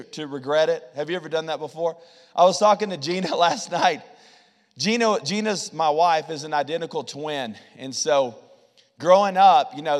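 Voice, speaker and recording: A male pastor with a high voice delivers a lively, story-driven sermon. He stutters over words as he builds to each point. His voice rings out with a long reverb, as in a large church sanctuary. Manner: storytelling preacher, animated, repeats words when building a point.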